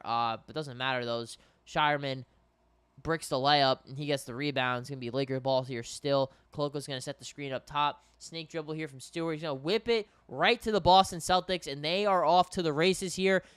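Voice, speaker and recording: A young man commentates a game live for his stream, a bit tired and yawning. His voice sits a little high and sounds smooth and clear. The recording is dry and close. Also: fairly bright tone, no room sound. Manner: conversational, addresses viewers as guys. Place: home in New York.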